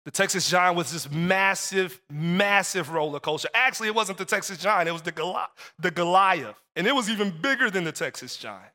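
High bright-voiced man preaching. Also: animated, brisk, few pauses, in a large hall. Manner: storytelling, repeats phrases for emphasis. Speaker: pastor. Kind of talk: sermon.

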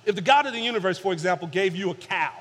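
Pastor guy preaching, high voice, repeats stuff for punch, long echo from the church room. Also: lively intonation, very fast, fairly bright tone. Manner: emphatic, repeating phrases for weight. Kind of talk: sermon. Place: church sanctuary.

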